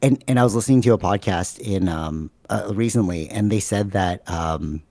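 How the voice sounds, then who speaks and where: A man with a low, mellow voice and a Canadian accent, chatting casually on a podcast. He tells his stories with animated energy and fills them with "like" and "you know." The sound is dry, as if close to the mic. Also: moderate pace, no room sound. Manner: animated storytelling, many fillers. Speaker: podcast host. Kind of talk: casual chat.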